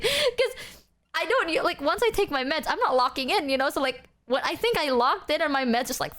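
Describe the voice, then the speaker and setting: A young woman streams and chats casually with her viewers, her voice sitting high. She rants in an animated way and swears freely as she talks. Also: a little fast.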